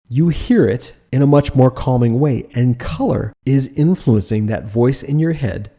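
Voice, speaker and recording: A man teaching a design lesson over slides, lively and emphatic, often asking the listener rhetorical questions. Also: medium pitch, vocal fry, breathy edge. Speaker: design instructor.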